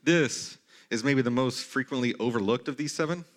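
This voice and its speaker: Animated conversational pastor, mid-pitched man. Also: normal speed. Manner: conversational, animated, mock-incredulous asides. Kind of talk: sermon. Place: church sanctuary.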